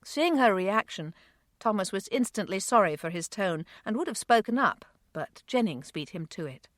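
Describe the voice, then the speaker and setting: A woman narrates an audiobook in a calm storytelling voice, her pitch rising and falling in lively arcs. The sound is dry and close to the mic. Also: normal speed, no echo.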